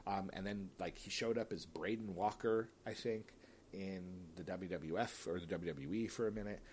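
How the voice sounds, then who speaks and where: A man's low-pitched, slightly mellow voice carries his relaxed solo take on wrestling matchups, delivered at normal speed. He calls the winners with chatty, opinionated digressions and the odd sigh, and slight background noise is audible.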